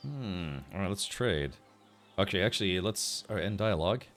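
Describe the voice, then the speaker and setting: Male streamer, low lively voice, casual gameplay chatter, faint game music under it. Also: moderate pace. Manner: chatty, thinks aloud, answers chat.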